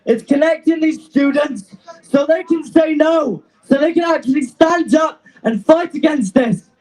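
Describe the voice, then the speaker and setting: A young man, a student activist, giving an impassioned, defiant speech to an outdoor rally, shouting and out of breath. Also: extremely high pitch, unhurried, rough recording. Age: young adult.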